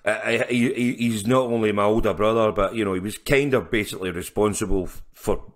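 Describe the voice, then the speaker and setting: On a podcast, a male musician guest chats casually through his stories with a brisk, lowish voice. He laughs a lot and keeps restarting his sentences.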